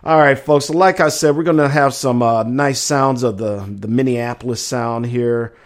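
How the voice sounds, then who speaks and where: A man's voice: medium pitch, normal speed. A middle-aged man hosting a casual live talk show, reading out chat messages in a loose, chatty way. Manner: loose and chatty, trails off quietly, then livens up for segment intros.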